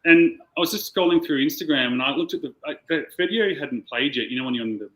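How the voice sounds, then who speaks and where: A man's voice: on the high side, lively intonation, fast, a bit bright, low-quality recording. An Australian man chatting as a guest on a video call, telling a rambling story with plenty of swearing. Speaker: client guest. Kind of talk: casual chat.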